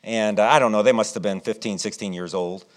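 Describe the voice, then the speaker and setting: A middle-aged man preaching a sermon and telling a childhood story, animated and acting out what people said. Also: lowish voice, a little fast. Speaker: pastor.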